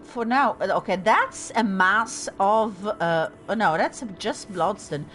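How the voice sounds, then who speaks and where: Taking her time, a woman with a slightly bright, mid-range voice talks over faint background music. She's hosting a let's play, casually commenting on her gameplay, poking fun at herself and chatting to the characters in the game.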